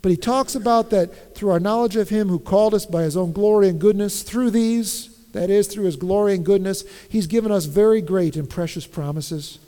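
A pastor with a notably high yet dark-toned voice delivers a sermon with insistent emphasis, hammering repeated phrases and turning dryly humorous in personal stories. A long reverb makes him sound like he's filling a large hall.

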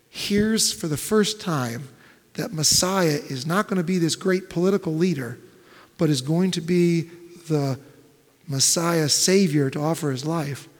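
Fairly high-voiced preacher in a reverberant hall. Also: male voice, slow pace. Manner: dramatic swings between loud emphatic build-ups and hushed near-whispers. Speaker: pastor. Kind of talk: sermon. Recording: long reverb of a large hall.

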